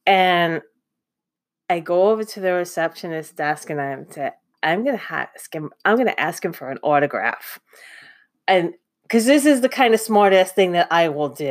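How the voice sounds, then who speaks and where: A woman casually telling a personal anecdote, often breaking into laughter and poking fun at herself. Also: on the low side. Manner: giggly, self-mocking, often laughs mid-sentence. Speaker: podcast host. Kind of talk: casual storytelling monologue.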